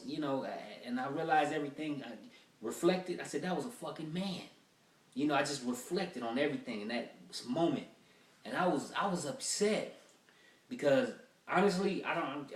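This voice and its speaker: A man's voice: mid-range voice, reverberant, recorded from a distance. Profane man rambling through a stand-up bit. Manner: profane, rambling storytelling with many fillers. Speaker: stand-up comedian. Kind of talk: rough-draft stand-up routine.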